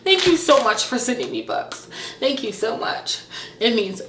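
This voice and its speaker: A woman vlogging a casual book unboxing, gushing and excitable. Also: fairly high pitch, normal speed. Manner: gushing, excitable, laughs and gasps often. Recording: echoey room with faint noise.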